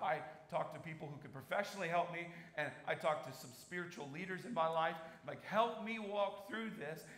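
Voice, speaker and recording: A male pastor delivering a sermon in a church, telling personal stories and shifting between soft and emphatic delivery. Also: on the high side. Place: church sanctuary. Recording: echoey church hall, faint noise.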